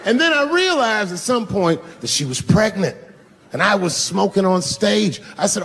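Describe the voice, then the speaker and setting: A man performing a profane stand-up routine on a big stage, shouting his punchlines. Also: sits high, very animated, normal speed. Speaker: stand-up comedian. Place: large live venue with audience. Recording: echoey hall, crowd laughter.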